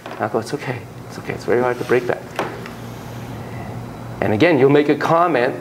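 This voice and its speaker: A man's voice: mid-range voice, slight background noise, low-quality recording. A man giving a classroom lecture on child therapy, acting out quotes in shifting voices.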